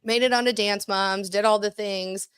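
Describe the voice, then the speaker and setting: A woman's voice: medium pitch, steady tone, moderate pace, fairly bright tone, smooth, dry recording. A woman co-hosting a podcast, talking in a rambling, chatty way. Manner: chatty, rambling, laughs often. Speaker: podcast co-host. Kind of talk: casual chat.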